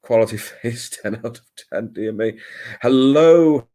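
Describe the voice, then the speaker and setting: A man's voice: on the low side, level tone, normal speed, dark tone. A man hosting a late-night livestream, chatting casually in a rambling, self-deprecating way with many hesitations, talking into his computer mic at home. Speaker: livestream host.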